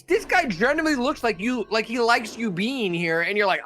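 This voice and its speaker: A man's voice: very high-pitched, lively intonation, moderate pace, hardly any pauses, bright, forceful tone. A man co-hosting a casual podcast, chiming in with crude jokes and swearing. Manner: crude, joking interjections. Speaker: podcast co-host.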